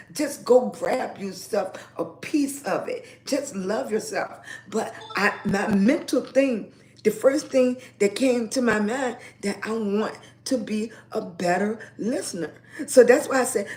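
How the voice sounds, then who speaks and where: Heartfelt woman livestreaming. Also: a little high. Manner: warm, affectionate greetings to viewers; repetitive, heartfelt, preachy. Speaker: lifestyle livestreamer. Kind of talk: casual livestream chat.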